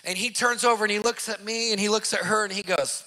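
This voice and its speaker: A man's voice: high voice, quick pace, a little hiss or hum. A man preaching through a personal story in casual slang, acting out the voices of the people in it and repeating lines for emphasis. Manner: excited, acts out quoted voices, repeats phrases for emphasis; casual slang, addresses listeners directly. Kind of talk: animated testimony storytelling.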